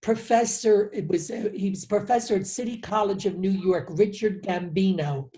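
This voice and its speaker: A man's voice: sits high, moderate pace, dark tone. A man co-hosting a casual talk, who often repeats words as he searches for what to say. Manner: hesitant, repeats words while searching for them. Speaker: co-host, PR professional. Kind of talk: casual conversation.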